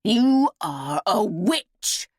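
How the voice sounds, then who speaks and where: A woman reading an audiobook, voicing a scheming, half-mad noblewoman with sharp, heated outbursts. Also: mid-range voice, sing-song, measured pace, dry recording, clean studio sound. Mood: raging.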